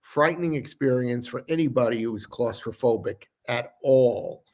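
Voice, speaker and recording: A man's voice: medium pitch, moderate pace, a little mellow. An older man co-hosting a sports radio show in an ordinary mid-range voice. He chats easily and is courteous, stopping to apologize whenever he cuts someone off. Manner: polite, apologizes for interrupting. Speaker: radio co-host. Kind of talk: casual sports talk.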